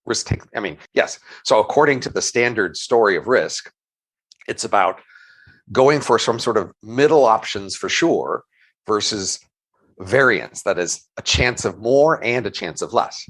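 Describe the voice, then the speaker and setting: Low-voiced middle-aged guy on a podcast, thinking out loud, lots of restarts, careful hedging. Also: animated, a little slow, breathy edge, rough recording. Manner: thoughtful, hedging, repeats words when restarting. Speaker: economist, podcast co-host. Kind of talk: casual intellectual conversation.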